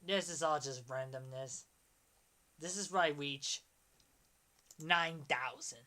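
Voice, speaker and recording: A young man in his twenties on a casual livestream, talking excitedly and rambling, often trailing off. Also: a little high, slow. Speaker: streamer.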